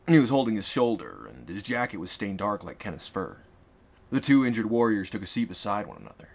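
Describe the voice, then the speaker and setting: A man reading a fantasy audiobook aloud in an expressive, dramatic manner. His pitch rises and falls a great deal, giving the narration strong shape. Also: brisk, gravelly. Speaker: author and narrator.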